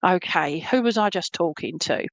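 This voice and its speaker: A chatty woman medium with a fairly low voice gives a reading during an online spiritualist service. Her delivery is homely and reassuring, and she keeps checking in with her listeners. The sound is close and dry. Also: lively intonation, moderate pace, vocal fry, no room sound. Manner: chatty and reassuring, checks in with "okay?" and "all right?"; relays spirit messages in a homely, colloquial way.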